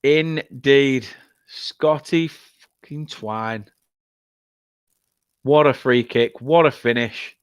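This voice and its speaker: A man from England hosting a live football watchalong, reading out viewer comments in an excitable, emotional, chatty way. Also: mid-range voice, drawn-out words, long pauses, clear, resonant tone, dry recording, dull audio. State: upset, has been crying. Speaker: football fan channel host.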